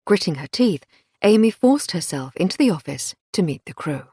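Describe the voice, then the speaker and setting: Female narrator, measured thriller read; lowish husky voice, close and dry. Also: very animated, dark tone, no room sound. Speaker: audiobook narrator. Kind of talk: scripted narration.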